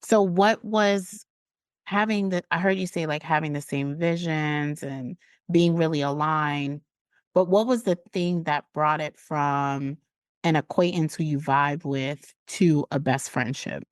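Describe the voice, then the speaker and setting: A woman's voice: sits low, a little slow, no echo. A woman hosting a podcast, asking probing questions in a casual, affirming way. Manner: warm, probing questions with frequent affirming hums. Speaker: podcast host. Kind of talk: casual interview chat.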